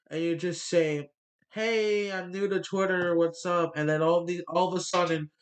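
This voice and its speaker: Stuffy-nosed young man ranting slowly. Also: sits high. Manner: blunt, profane ranting with many fillers. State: stuffy nose from a cold. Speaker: vlogger. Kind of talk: ranting monologue.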